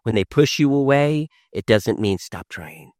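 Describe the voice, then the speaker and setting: Male pastor preaching, animated delivery, dry close sound, lively varied pitch. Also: unhurried, no room sound. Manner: animated preaching, swinging from loud to hushed. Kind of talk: sermon.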